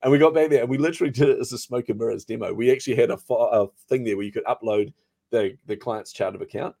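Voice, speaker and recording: Fast-talking man telling a story. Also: mid-range voice, gravelly. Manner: animated storyteller, acts out quoted dialogue. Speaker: guest, startup founder. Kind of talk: casual interview storytelling.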